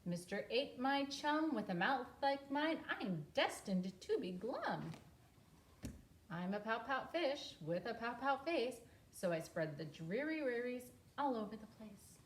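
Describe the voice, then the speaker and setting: A woman's voice: a little high, sing-song, unhurried, slight background noise. A mopey, pouty male fish drags out a sing-song refrain, as a woman puts him on. The voice swoops up and down and takes its time. The room gives it a roomy echo. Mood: glum.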